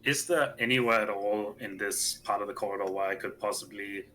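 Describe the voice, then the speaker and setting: A man's voice: fairly low pitch, steady tone, fairly quick, sharp tone, slight background noise, rough recording. A man playing a tabletop game, eagerly describing what his character tries. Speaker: player. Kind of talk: casual tabletop game play.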